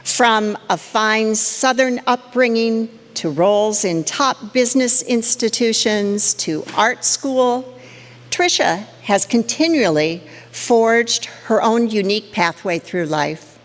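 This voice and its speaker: Woman, slow deliberate pace, reading an introduction, echoing hall. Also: fairly high pitch. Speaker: forum committee member introducing the speaker. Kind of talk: prepared introduction. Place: lecture hall with a live audience. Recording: reverberant hall.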